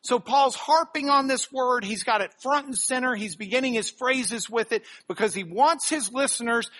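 A preacher giving an expository sermon who reads scripture aloud, leans hard on key words and sounds out Greek terms slowly. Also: medium pitch, a bit bright. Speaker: preacher teaching a Bible class.

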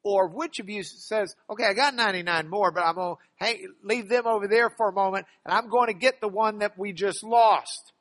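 A man preaching a sermon in church, lively and humorous, acting out the Bible passages he quotes. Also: high-pitched, a little fast, few pauses. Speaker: pastor.

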